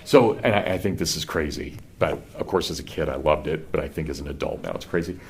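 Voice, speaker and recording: Deep-voiced Kansas man lecturing a class. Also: quick pace, a little hiss or hum. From Kansas, USA. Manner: conversational, asks the class questions.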